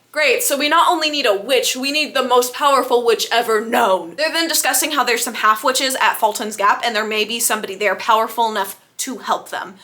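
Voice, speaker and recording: Female vlogger, casual recap delivery, bright tone, self-deprecating humor. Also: on the high side. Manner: chatty and self-deprecating, laughs often. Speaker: book reviewer. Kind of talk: casual book recap vlog.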